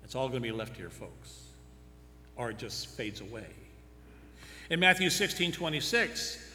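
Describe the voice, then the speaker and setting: A male pastor delivers a sermon in a bright, fairly high voice, mixing rhetorical questions with dry humorous asides. His words echo around a large hall with a long reverb tail. A faint hum sits underneath. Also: sing-song, a little slow, pauses often.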